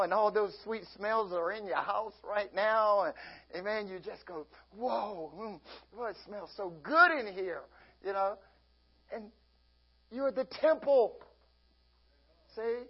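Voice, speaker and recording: Male pastor mid-sermon, high husky voice, folksy, laughs often, acts out little scenes. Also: lo-fi sound.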